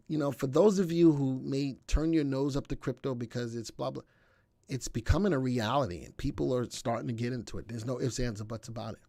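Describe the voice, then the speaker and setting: A man of ordinary pitch hosts a live market analysis stream, chatting with energy and reacting to comments from his viewers. He keeps checking in with his audience as he talks through stock charts. His voice is recorded dry, with no room echo. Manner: chatty and energetic, often checking in with "all right?". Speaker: stock market show host.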